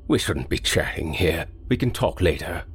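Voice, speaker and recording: Man voicing a suave older aristocratic general, slight accent, very low husky voice, measured and polite. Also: sing-song, full character voice.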